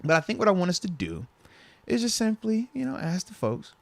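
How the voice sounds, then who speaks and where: A man hosting a casual sports podcast, relaxed and slangy, talking into a lapel mic. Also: sits high, fairly quick, creaky, no echo. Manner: laid-back, slangy, says "bro" and "man". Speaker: podcast host.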